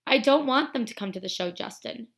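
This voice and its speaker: A woman's voice: fairly high pitch, moderate pace, fairly bright tone. A woman reading aloud and voicing a teenage girl who is defensive and tearful. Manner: tearful, pleading.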